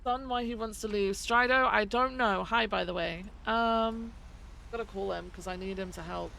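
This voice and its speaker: A woman's voice: mid-range voice, fairly even intonation, moderate pace, creaky, bright, forceful tone, a little hiss or hum. A woman streaming a police role-play game, chatting loosely and swearing freely as she greets her viewers by name. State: feels she is losing her voice. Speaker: streamer playing a police lieutenant. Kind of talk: casual live-stream chat and role-play.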